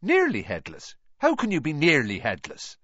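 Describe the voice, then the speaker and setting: A man's voice: fairly high pitch, huge pitch swings, normal speed, sharp tone, breathy edge, no room sound, highs cut off, voice pushed up, heavily acted. A man doing a cheeky, curious schoolboy. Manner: chatty, inquisitive.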